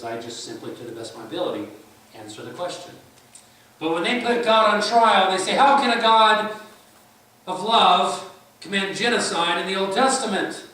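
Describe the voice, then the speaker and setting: A man preaches with a bright, forceful voice, acting out both sides of his arguments with skeptics. He is heard from a distance in a very echoey church hall, with faint room noise behind him. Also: medium pitch. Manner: emphatic, acts out both sides of debates. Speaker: conference speaker. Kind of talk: sermon.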